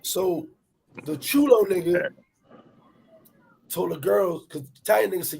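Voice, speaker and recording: A man telling a personal travel story in animated, profane street talk, repeating words as he goes. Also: high voice, moderate pace, creaky, pauses often, husky. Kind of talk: casual storytelling chat.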